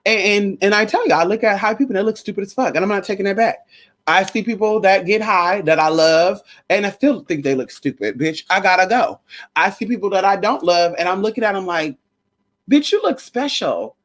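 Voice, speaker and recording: A woman's voice: mid-range voice, brisk. A woman vlogger ranting to her viewers in a casual, profane, emphatic way, sometimes slipping into a preachy, sermon-like tone. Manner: profane, emphatic, animated storytelling. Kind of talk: casual rant to camera.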